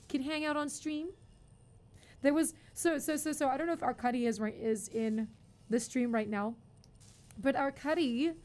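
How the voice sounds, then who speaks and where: A woman with a high voice and darkish tone streams a game live. She commentates with panicky outbursts and swearing, then chats with her viewers between fights, thanking them and talking to them.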